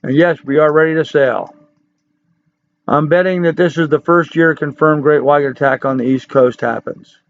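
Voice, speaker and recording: A man in his sixties hosts a casual livestream, reading viewer comments and answering them in a folksy, joking, chatty manner. His voice is fairly high-pitched at a normal speed, and the audio is dull.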